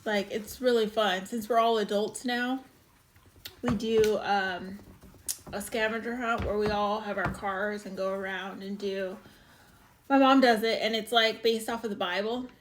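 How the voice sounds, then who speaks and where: A woman's voice: medium pitch, steady tone, measured pace. A woman hosting a casual live-stream show, chatting and greeting viewers by name. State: out of breath. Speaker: waxing show host.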